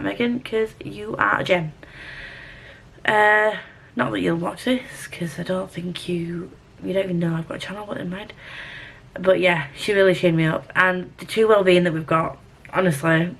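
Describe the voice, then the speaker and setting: Chatty young woman, lowish voice. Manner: chatty, rambling, animated, self-mocking. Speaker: vlogger. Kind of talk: casual rambling vlog chat.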